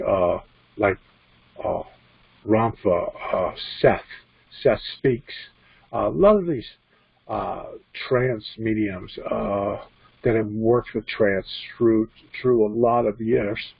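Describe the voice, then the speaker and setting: A man teaching as a spiritual medium, halting and repeating himself, on a dull, dry computer recording. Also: fairly low pitch, creaky, breathy edge, no room sound. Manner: halting, repeats and restarts phrases. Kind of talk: teaching talk. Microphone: computer mic.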